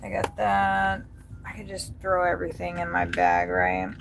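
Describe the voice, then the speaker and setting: A delivery driver livestreams from her noisy car, chatting casually and rambling with the occasional swear word. Her voice is fairly low and gravelly, with big swings in pitch and a moderate pace.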